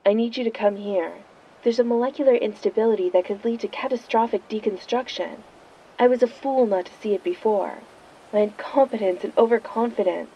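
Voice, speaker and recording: A woman voicing an anxious, self-blaming male scientist calling on the phone, clipped and urgent, with a low, creaky voice. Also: fairly quick, few pauses, lo-fi sound.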